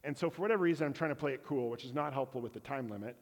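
Candid preacher in an echoing hall. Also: male voice, mid-range voice, racing. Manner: candid, self-deprecating, acts out dialogue. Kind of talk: storytelling sermon. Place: church.

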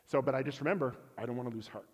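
Candid preacher in an echoing hall. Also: male voice, mid-range voice, very fast, breathy edge. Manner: candid, self-deprecating, acts out dialogue. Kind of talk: storytelling sermon. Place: church.

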